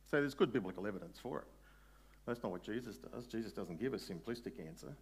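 A man preaching a sermon in a conversational way, putting questions to his listeners and slowing down on key words. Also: on the low side, expressive, husky. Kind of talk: sermon, Bible exposition.

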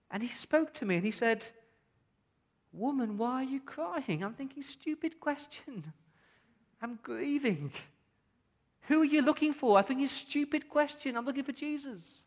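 A man's voice: very high-pitched, pitched above the performer's own voice, full character voice. A man voicing Mary Magdalene, earnest witness. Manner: earnest, halting, with emotional retelling. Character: Mary Magdalene, grieving then joyful female witness. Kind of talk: first-person dramatic monologue in a sermon.

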